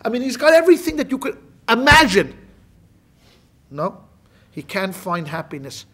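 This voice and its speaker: A man, a rabbi, teaching a class in a lively, joking storytelling lecture, talking straight to his listeners. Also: very high-pitched, moderate pace.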